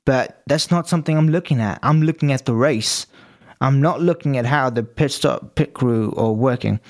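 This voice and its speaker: A man with a non-native English accent, co-hosting a betting podcast and calmly laying out his picks. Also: mid-range voice. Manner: matter-of-fact, repeats key figures. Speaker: betting analyst co-host. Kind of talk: casual sports betting chat.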